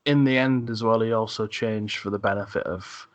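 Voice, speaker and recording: A man hosting a podcast, chatting casually about films, halting and repeating words as he thinks. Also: on the low side, fairly even intonation, dry recording, lo-fi sound. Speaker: podcast host. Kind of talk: casual film discussion.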